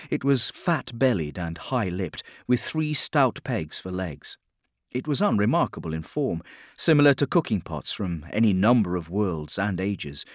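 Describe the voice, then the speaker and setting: A man narrating an audiobook in a measured, dramatic storytelling manner. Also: fairly low pitch, dry recording, studio quality.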